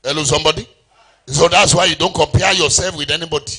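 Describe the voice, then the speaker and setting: Middle-aged Nigerian male preacher, forceful bright tone, sing-song delivery that calls on the congregation. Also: a little high, steady tone, fast, breathy edge. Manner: call-and-response preaching, sings phrases. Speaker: pastor. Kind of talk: sermon.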